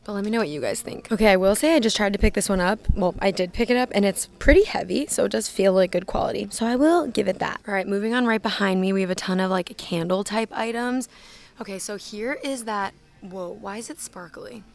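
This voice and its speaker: This is a young woman with a voice of ordinary pitch, chatting casually as she films a walkthrough of a store. Her talk is loose and full of "like", and she reads out prices as she goes. It sounds like a phone recording made inside a large store. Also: fast talker. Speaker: shopping vlogger.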